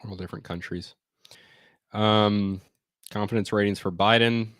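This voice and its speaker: A man's voice: fairly low pitch, fairly even intonation, a little slow, a bit bright, dry recording, clean studio sound. A man giving blunt, sarcastic, rambling commentary on survey charts during a casual live stream. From United States.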